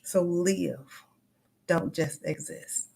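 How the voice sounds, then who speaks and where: A woman's voice: on the low side, drawn-out words, gravelly, dark tone. A woman therapist and coach, giving an emphatic, motivational conference talk over a video call. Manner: emphatic, motivational, addresses audience as y'all.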